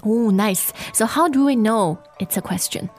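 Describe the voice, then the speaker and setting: A woman leads a podcast language lesson at an unhurried pace. She models each word carefully and repeats it so the listener can follow. Soft music sits faintly behind her. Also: fairly high pitch. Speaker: language teacher.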